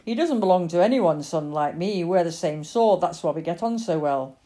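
A woman reading the part of an old male poacher with rustic country speech, gentle but stubborn. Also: on the low side, animated, moderate pace, close to an everyday voice. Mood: weary.

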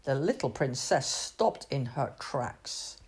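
A woman reading a children's storybook aloud in an expressive, sing-song way. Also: a bass voice, slow pace, slightly rough.

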